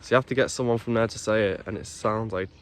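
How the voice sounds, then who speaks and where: A man's voice: on the low side, fast, a little hiss or hum. A man filming a casual travel vlog while hiking a coastal trail, chatty and teasing, laughing often. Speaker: travel vlogger. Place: outdoors on a coastal walking trail.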